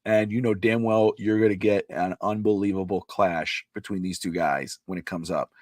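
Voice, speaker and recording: Low-voiced man rambling about wrestling. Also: moderate pace, dry recording, studio quality. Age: adult with a child. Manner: rambling, animated, acts out quotes. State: throat irritated, coughing. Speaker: podcast co-host. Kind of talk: casual podcast chat.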